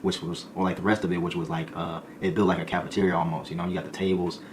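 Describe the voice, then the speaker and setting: A man with a low voice rattles through a story at a quick clip. He talks in loose, slangy bursts and sometimes jumps into other people's voices. A faint background hum sits under the recording. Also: little pitch movement. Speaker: streamer telling a story. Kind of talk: casual storytelling.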